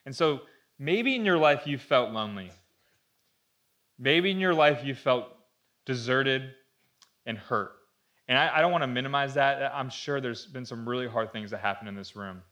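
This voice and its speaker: A man's voice: mid-range voice, bright, forceful tone. A man preaching a sermon to a room, earnest and conversational, asking rhetorical questions as he explains. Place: room with an audience.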